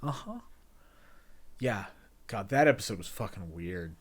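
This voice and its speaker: A young man from the Deep South with a Southern accent, co-hosting a casual podcast chat and swearing freely. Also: animated, a little slow. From Deep South, USA. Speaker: podcast co-host.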